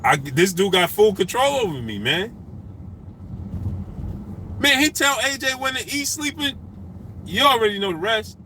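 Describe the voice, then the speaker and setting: New male boxing streamer, lively and bright, hammering points home. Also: high voice, measured pace, long pauses, slight background noise, rough recording. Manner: animated, repetitive, emphatic street talk. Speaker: boxing talk show host. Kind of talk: live-stream commentary, shouting out viewers.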